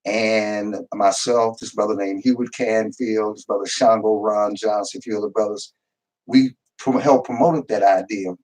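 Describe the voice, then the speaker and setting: An older man speaks in a loose, unhurried storytelling manner. He often doubles back and repeats words as he builds toward his point. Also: fairly low pitch, steady tone, darkish tone, low-quality recording. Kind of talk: casual discussion.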